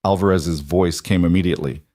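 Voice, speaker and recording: A man narrating a dramatic story in a steady, scripted storytelling manner. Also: sits low, fairly quick, no room sound, studio quality.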